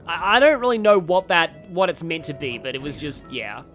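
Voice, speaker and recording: A let's play streamer chatting loosely over a game, wandering between topics and reading chat aloud with many ums and likes. The pitch swings lively up and down, with faint game music underneath. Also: normal speed. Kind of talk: casual let's play commentary. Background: game audio.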